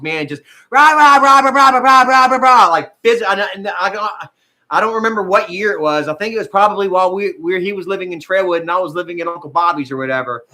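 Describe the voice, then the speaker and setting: A man's voice: high-pitched, pushed and bright. A man vlogging live to his viewers, rambling with lots of fillers and swearing, at times tearful and emotional. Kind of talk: emotional casual livestream talk.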